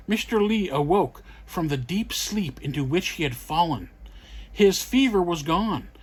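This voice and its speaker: A man reading a bedtime story aloud to children. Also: high-pitched.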